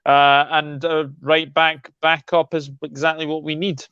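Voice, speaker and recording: A man guests on a chat stream, calm and measured in his analysis. His voice is smooth and clear. The sound is dry and slightly dull, like a remote mic. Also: on the high side, dry recording. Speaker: guest panelist. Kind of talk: casual chat.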